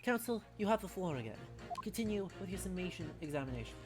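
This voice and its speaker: A woman voicing a stern male judge who speaks slowly and gravely. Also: lowish voice, very animated, music in the background, pitched below the performer's own voice.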